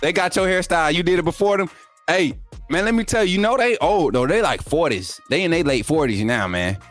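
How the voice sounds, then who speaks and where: A young man hosts a casual sports livestream, thanking viewers and joking with them. He talks with energetic, laughing, teasing banter, his voice sitting a little high. Faint music plays quietly behind him. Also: fairly quick. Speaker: YouTube sports show host. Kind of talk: casual livestream chat reading super chats.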